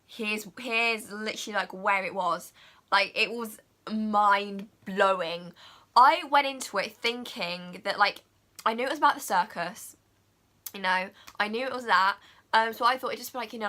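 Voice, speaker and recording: Bright gushing young woman vlogger. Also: mid-range voice. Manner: gushing, heavy use of "like" and "oh my God". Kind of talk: casual chatty film review.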